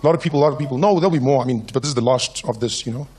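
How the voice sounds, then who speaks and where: A young man with a South African accent doing stand-up comedy on stage, animated and slipping into mock-pompous voices. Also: mid-range voice, racing, slightly rough. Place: comedy stage before a live audience.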